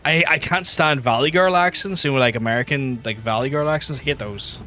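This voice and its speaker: A man's voice: medium pitch, brisk, sharp tone, slight background noise. A young Irish man chatting casually on a gaming livestream, blunt and sweary, full of restarts and fillers. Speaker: gaming streamer. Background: game music.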